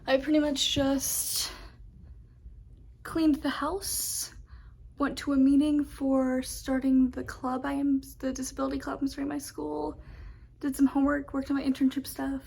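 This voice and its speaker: A woman's voice: sits high, creaky, rough recording. A woman in her twenties, a college student, chatting casually and upbeat to the camera in a rambling vlog. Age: 20s.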